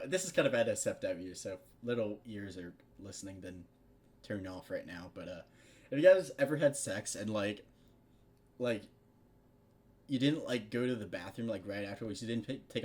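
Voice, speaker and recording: A young man reading a fan story aloud in a loose, casual way, with a slightly low voice. He keeps breaking off with crude asides and plenty of swearing. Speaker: fan fiction reader.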